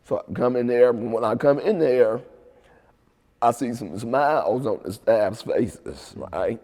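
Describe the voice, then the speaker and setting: A man sits for an interview and tells his story in a loose, easygoing way, dropping "right?" and "man" between phrases. His voice sits at an ordinary pitch for a man. The room carries a long reverb tail. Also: takes it slowly, a little mellow. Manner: laid-back, repeats "right?" and "man". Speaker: interview guest.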